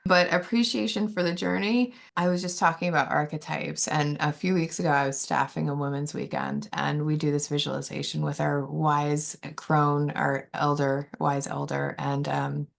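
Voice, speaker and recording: Low gravelly woman, life coach on a podcast, earnest and open about her own journey. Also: level tone, normal speed, hardly any pauses. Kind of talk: reflective personal storytelling.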